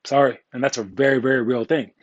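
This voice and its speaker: A man's voice: mid-range voice, fairly even intonation, quick pace, dry recording, muffled recording. A man coaching youth basketball players in a casual, candid way, joking and rambling, with slang thrown in. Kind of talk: casual instructional talk.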